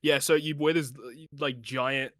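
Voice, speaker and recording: A man co-hosting a casual gaming podcast, speaking in a low-key, wry way with hesitant fillers. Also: fairly even intonation, unhurried, a bit bright, no room sound, clean studio sound. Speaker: podcast co-host.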